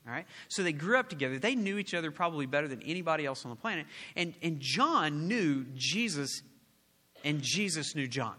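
A man preaching a sermon to a congregation, animated, often asking them questions and waiting for answers. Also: a little high, a little fast. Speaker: pastor. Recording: long hall reverb.

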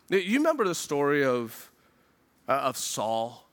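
A man preaching a sermon as pastor, earnest and urgent, asking the listeners questions and acting out what they might say, dropping low and quiet for emphasis. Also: sing-song, a little slow. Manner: earnest preaching with rhetorical questions and quoted voices.

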